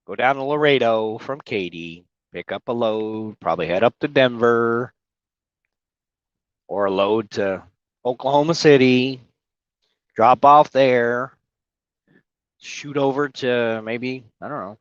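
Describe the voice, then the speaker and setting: A man's voice: mid-range voice, slow pace, long pauses, no echo, dull audio. A man driving a truck, chatting casually on a livestream, rambling, swearing and greeting viewers by name. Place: inside his truck cab. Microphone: phone.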